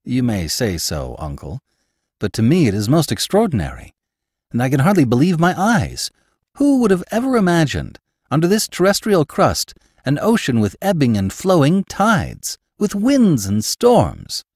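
A man voicing an excitable young nephew who asks rising, wondering questions. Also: fairly low pitch, normal speed, dry recording, studio quality. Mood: excited. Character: eager young male scientist's nephew, excitable.

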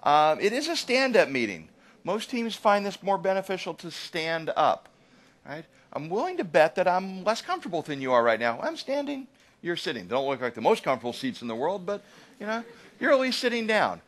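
Man, trainer lecturing a live room, high voice with a lively, swooping delivery. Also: a little fast. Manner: animated, keeps checking in with "right?". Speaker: agile trainer.

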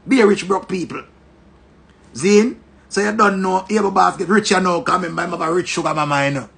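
A man with a Jamaican accent giving animated, joking commentary and repeating his phrases. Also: high voice, moderate pace, vocal fry, breathy edge. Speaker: social media commentator. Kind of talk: casual commentary.

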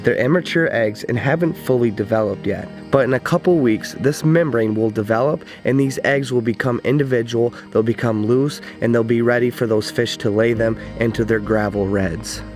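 A man with a mid-pitched voice narrates calmly and explains things steadily. It is a voice-over with clear background music playing under it. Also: normal speed, hardly any pauses. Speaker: fishing vlog host.

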